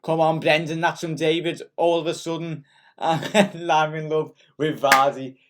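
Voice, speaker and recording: Excitable Scouse man rambling about football. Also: a little high, slow pace, a little hiss or hum. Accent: Liverpool (Scouse). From Liverpool. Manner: excitable and rambling, many ums and restarts. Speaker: football fan channel host. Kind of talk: casual post-match chat reading comments.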